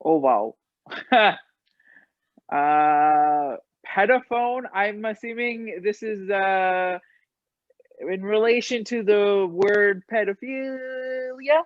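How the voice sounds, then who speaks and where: A woman comedian guesting on a casual chat, joking crudely with a deadpan edge. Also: medium pitch, drawn-out words, no room sound. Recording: dry, dull lo-fi remote line.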